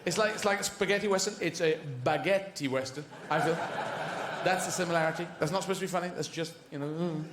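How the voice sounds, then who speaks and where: A man's voice: on the high side, quick pace, noisy background. A man doing rambling, playful stand-up comedy full of sound effects, on a roomy stage.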